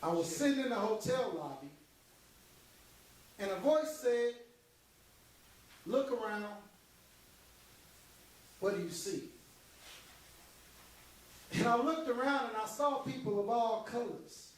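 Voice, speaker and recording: A man's voice: very high voice, expressive, slow pace, long pauses, full character voice. An actor on a theater stage playing a veteran male stand-up comic who teases the crowd and then turns reflective. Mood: earnest. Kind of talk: live stage stand-up impression. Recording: very echoey hall heard from far off.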